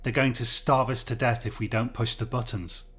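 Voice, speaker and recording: A man's voice: medium pitch, fairly even intonation, moderate pace, a bit bright, close to an everyday voice. A man voicing an anxious, pompous male schoolteacher held prisoner, pleading in an earnest, prim way in a story reading. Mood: persuading.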